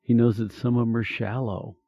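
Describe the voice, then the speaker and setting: A man co-hosting a Christian talk show, speaking in a slow, earnest, pastoral way. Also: mid-range voice, level tone, dark tone, husky, no room sound, highs cut off. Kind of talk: faith-based conversation.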